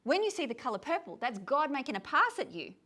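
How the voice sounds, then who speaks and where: A woman's voice: high-pitched, big pitch swings, quick pace, pushed and bright, full character voice. Worldly, teasing woman singer, as a woman lecturer reads her lines.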